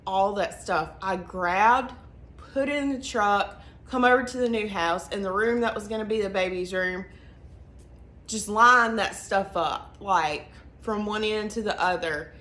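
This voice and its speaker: A young woman with a Southern US accent telling her story to camera in a chatty, earnest way, racing through some phrases and slowing right down on others. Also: mid-range voice, fairly bright tone. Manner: chatty, earnest, quick bursts between slow emphatic phrases. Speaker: vlogger. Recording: echoey room with faint ambient noise.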